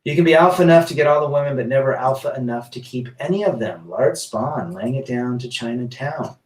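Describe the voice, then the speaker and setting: A man's voice: mid-range voice, lively intonation, a little fast, a little mellow, reverberant, recorded from a distance. A man hosting a casual live stream, reading viewer comments aloud and answering in a rambling, blunt way with many restarts.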